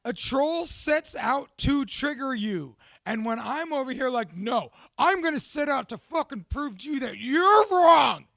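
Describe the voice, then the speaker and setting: A young man hosting a podcast, talking in a casual, profane, animated and self-mocking monologue. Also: very high-pitched, measured pace, gravelly, hardly any pauses, no room sound, studio quality. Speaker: podcast host.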